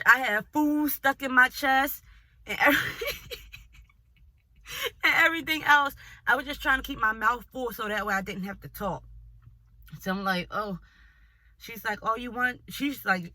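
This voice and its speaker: A young woman vlogger telling a dating story in a casual, animated and profane way, often breaking into laughter. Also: medium pitch. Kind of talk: storytime vlog.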